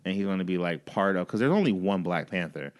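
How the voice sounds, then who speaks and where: A man's voice: deep voice, animated, quick pace. A man co-hosting a podcast in casual studio chat, opinionated and profane, often restarting his sentences. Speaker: podcast co-host.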